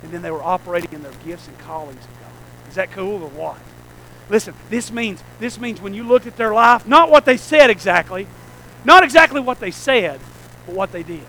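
High, bright-voiced preacher. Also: male voice, a little fast, slight background noise, rough recording. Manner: preaching with call-outs and rhetorical questions. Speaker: pastor. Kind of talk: sermon.

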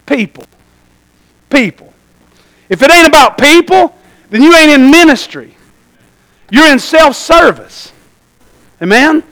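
Man, pastor, very high voice, animated sermon storytelling. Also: unhurried, pauses often, low-quality recording. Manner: animated storytelling, calls out "Amen?" to the congregation.

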